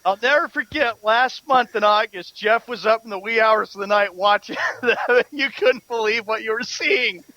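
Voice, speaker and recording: A man's voice: high voice, moderate pace, few pauses, sharp tone, no room sound, lo-fi sound. A man co-hosting a casual sports radio show in a teasing, playful way. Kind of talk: casual sports talk banter.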